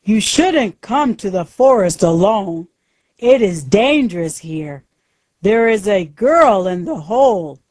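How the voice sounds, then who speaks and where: A stern man in uniform, read by a woman in her own voice, scolds in a firm tone. His lines come very slowly in a dry, close recording. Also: medium pitch, lively intonation, darkish tone, dry recording. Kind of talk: storybook reading.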